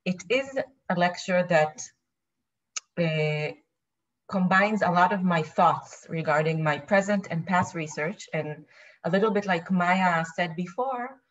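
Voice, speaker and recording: A woman's voice: fairly low pitch, slow pace. A woman, a Hebrew speaker, giving an academic talk in English over a video call, nervous and apologetic as she thinks aloud. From Israel. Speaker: guest lecturer. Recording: dull lo-fi video call audio.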